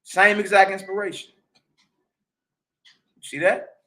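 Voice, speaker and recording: Here a man comments on a clip in an emphatic, preachy way, addressing listeners directly. His high voice holds a steady tone with a fairly bright quality, he talks a little slowly, and the audio is poor.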